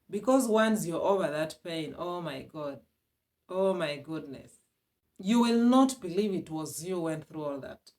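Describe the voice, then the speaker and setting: A woman from Uganda with a Ugandan English accent, giving emphatic, repetitive self-help advice on healing after divorce as a vlogger. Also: lowish voice. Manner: emphatic and repetitive, with sudden loud bursts and laughs. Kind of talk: motivational self-help talk.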